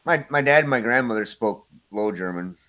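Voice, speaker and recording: A man's voice: lowish voice, animated, fairly quick, bright, forceful tone, no room sound. A man hosting a live stream chat, laid-back and laughing often over a video call. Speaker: host. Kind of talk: casual chat.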